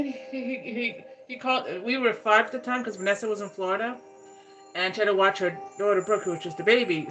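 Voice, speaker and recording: Brief: woman storyteller, mid-range pitch, loose and rambling with constant restarts; music playing underneath. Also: steady tone, brisk, fairly bright tone, rough recording. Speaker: ASMR channel host. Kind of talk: casual storytelling. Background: background music.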